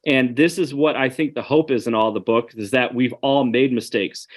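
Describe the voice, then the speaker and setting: A man's voice: medium pitch, steady tone, moderate pace. A man giving an online webinar presentation, earnest and conversational, speaking straight to his audience.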